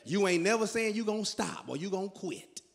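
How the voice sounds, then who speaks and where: A man doing stand-up comedy in a large live venue, telling stories with animated delivery and shouting his punchlines. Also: high-pitched, brisk, creaky. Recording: long reverb of a large venue.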